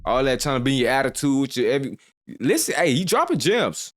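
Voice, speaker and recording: A man's voice: mid-range voice, animated, fast. A man hosting a reaction video, giving a hyped, slangy pep talk that keeps circling back to the same catchphrases. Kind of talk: reaction commentary.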